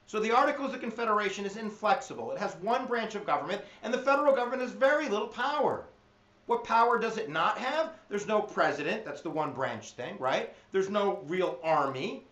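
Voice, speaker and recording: A man teaching history in an energetic, jokey exam review lecture, slipping into silly voices. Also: sits high, a little fast. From United States. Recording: echoey room, dull lo-fi sound.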